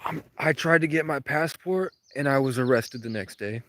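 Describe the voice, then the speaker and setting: A man chats on a livestream from somewhere outdoors in the countryside. He rambles from one thought to the next and answers his viewers' comments as they come in. His voice sits at an ordinary middle pitch. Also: moderate pace, a bit bright, slight background noise. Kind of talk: casual livestream chat. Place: outdoors in rural Vermont.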